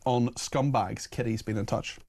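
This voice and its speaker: A man's voice: mid-range voice, steady tone, moderate pace, darkish tone, breathy edge. A man with a Northern Irish accent hosting a phone-in radio show, reading listener messages aloud in an earnest, apologetic way. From Northern Ireland. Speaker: radio talk show host.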